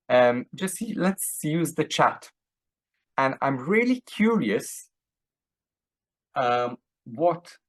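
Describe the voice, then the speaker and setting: Guy teaching a drama class on a video call, slow and hesitant, lots of ums, dry sound. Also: mid-range voice, dry recording. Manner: hesitant, many fillers and restarts. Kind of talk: online workshop teaching.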